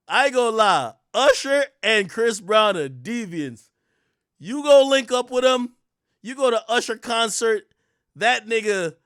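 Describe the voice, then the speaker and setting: A young man ranting in a casual, profane way, laughing and breaking into loud bursts as he comments. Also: sits high, no room sound, clean studio sound. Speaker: streamer and commentator. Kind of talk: casual rant.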